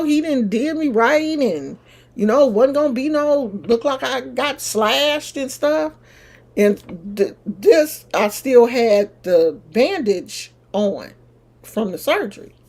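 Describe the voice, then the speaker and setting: A middle-aged woman with a lilt talks to her camera audience like an old friend, unhurried and easygoing. Her voice sits a little high, and she fills the story with asides to the viewers. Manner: chatty, animated, talks straight to viewers. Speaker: vlogger.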